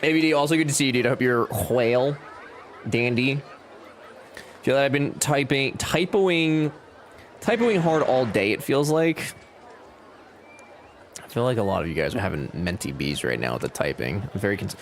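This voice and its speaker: A man's voice: medium pitch, moderate pace, long pauses, a little hiss or hum. A man streaming a game live, chatting casually, joking around and reading out chat messages. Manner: jokey, animated, reads chat aloud.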